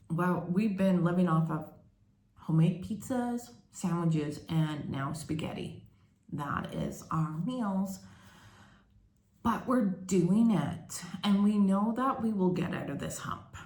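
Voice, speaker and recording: A woman's voice: lowish voice, lively intonation, takes it slowly, a little mellow. A woman from Canada, telling her story candidly in a chatty, casual vlog. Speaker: vlogger. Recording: echoey room.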